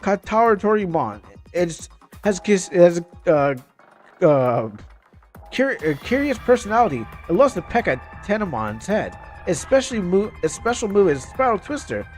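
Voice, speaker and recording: A man's voice: sits high, big pitch swings, moderate pace, darkish tone, soft background music. Stumbling young male game streamer. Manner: stumbling, restarting words while reading aloud. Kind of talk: casual gameplay commentary, reading game text aloud.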